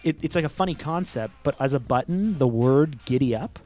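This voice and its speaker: A man in his thirties hosts a studio podcast at a middle pitch. He rambles, jokes around and laughs easily as he talks. Faint music sits under his voice. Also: animated, a little mellow. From Canada. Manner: jokey, rambling, quick laughs. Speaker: podcast host. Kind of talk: casual studio chat.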